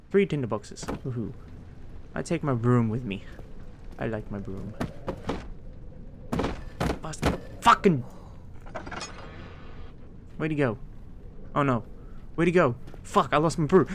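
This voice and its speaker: A man giving casual let's-play commentary, swearing a lot, excitable, and talking to himself as he plays. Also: mid-range voice, a little hiss or hum. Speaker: gameplay streamer.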